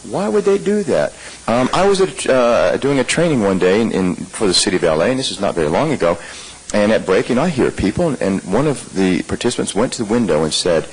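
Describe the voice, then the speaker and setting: A man with a lowish, slightly husky voice runs a leadership workshop in front of a live group. He keeps things conversational and leans on rhetorical questions to pull the room in. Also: sing-song, brisk, low-quality recording. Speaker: workshop trainer. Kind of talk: leadership training lecture. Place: live training session room.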